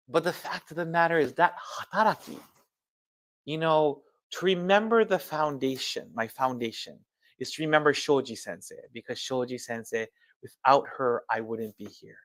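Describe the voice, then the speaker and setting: A man's voice: medium pitch, normal speed, a bit bright. A man giving a personal testimony sermon at a church memorial service, telling his story with animation, acting out the quoted dialogue and mixing Japanese terms into his English.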